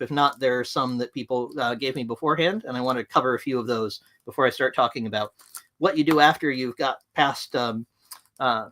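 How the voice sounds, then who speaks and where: Bright-voiced man giving a frank talk. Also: medium pitch. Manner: frank, direct. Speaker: livestream presenter on management. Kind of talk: live webinar talk.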